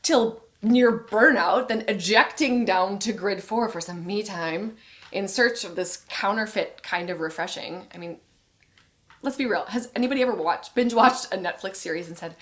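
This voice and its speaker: A woman's voice: mid-range voice, normal speed, a bit bright. A woman co-hosting a marriage course video, speaking conversationally to viewers and laughing easily. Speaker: co-host of a couples course.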